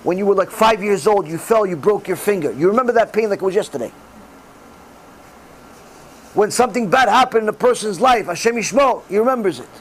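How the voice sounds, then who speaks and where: A middle-aged man giving a religious class in sermon style, animated and acting out the voices he quotes. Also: high voice, brisk, low-quality recording. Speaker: rabbi giving a Torah class.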